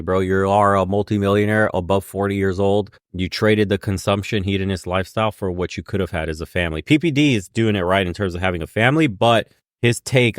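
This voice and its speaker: A man with a very deep voice gives casual commentary on a clip and sounds dismissive and critical. The sound is dry and close. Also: no room sound.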